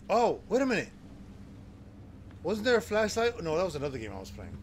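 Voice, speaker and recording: A man's voice: sits high, wildly swooping pitch, fairly quick, pauses often, slight background noise. A man commentating live on a horror game, talking to his chat and yelping at scares. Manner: jumpy, talks to chat, yelps at scares. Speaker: game streamer.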